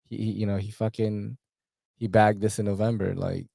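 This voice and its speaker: A man hosts a loose, casual chat, his voice sitting a little low. He talks in slang, swears freely and leans on fillers. The sound is dry and close to the mic. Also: flat delivery, moderate pace, creaky, mellow, no echo. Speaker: host.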